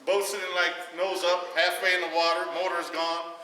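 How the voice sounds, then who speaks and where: A man telling a long, animated story to a party audience, acting out the quoted voices and laughing often. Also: high-pitched, normal speed. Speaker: guest speaker telling a story at a retirement party. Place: large echoey hall at a party. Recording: far-off echoey hall recording with faint noise.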